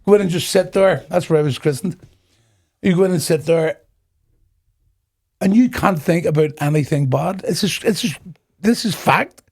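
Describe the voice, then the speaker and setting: A man's voice: a little high, normal speed, creaky, long pauses. A middle-aged man with a Northern Irish accent, telling his own story as a guest in an interview and acting out the dialogue. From Northern Ireland. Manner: animated storyteller acting out dialogue, breaks into laughter. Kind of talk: personal testimony in a podcast interview.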